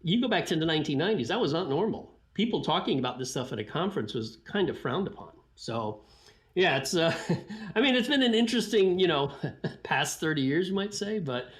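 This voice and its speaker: Animated man telling a story. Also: on the high side, fairly quick. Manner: animated, laughing, acts out quotes. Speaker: guest scientist. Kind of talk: podcast storytelling.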